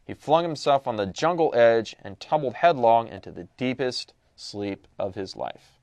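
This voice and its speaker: A man's voice: mid-range voice, animated, normal speed, darkish tone, no echo. A man teaching a casual lesson recap, reading passages aloud and posing questions he then answers himself. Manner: conversational, asks rhetorical questions then answers.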